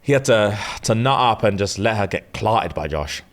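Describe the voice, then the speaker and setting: A man's voice: fairly low pitch, moderate pace. A man, a podcast co-host telling a story in casual chat and mimicking the people in it. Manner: animated storyteller who mimics the people he describes.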